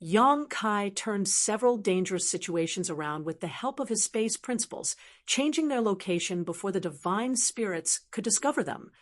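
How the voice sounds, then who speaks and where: Female narrator, mid-pitched, steady fantasy audiobook narration. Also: normal speed, few pauses.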